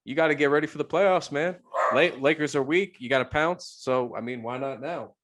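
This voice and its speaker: A man's voice: fairly high pitch, a little fast, fairly bright tone. A man co-hosting a sports podcast, talking casually and rambling with many restarts. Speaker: podcast co-host.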